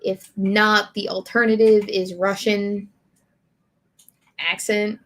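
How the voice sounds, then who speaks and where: A woman streamer reading lyrics aloud in a deadpan way and chatting with her audience. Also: mid-range voice. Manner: slow, deadpan lyric reading with bursts of laughter.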